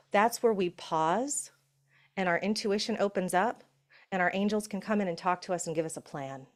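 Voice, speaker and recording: Woman speaker with hushed affirmations. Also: medium pitch. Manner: warm, conversational, often asks "right?"; slows to soft, hushed affirmations. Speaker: summit speaker. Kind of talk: motivational talk on breath and safety.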